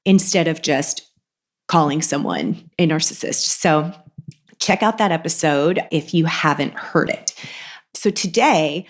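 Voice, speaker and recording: A woman hosts a podcast on her own, her voice a little congested. She speaks in a fairly low register. Her talk is loose and conversational. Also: a little slow. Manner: chatty, conversational with fillers. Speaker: podcast host. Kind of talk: casual podcast monologue.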